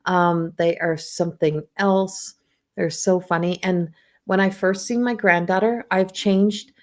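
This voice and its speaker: A woman's voice: lowish voice, steady tone, measured pace. Chatty Newfoundland woman, rambling. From Newfoundland, Canada. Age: middle-aged. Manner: chatty, meandering, many restarts and laughs. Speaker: psychic medium hosting a livestream. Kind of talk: casual rambling livestream talk.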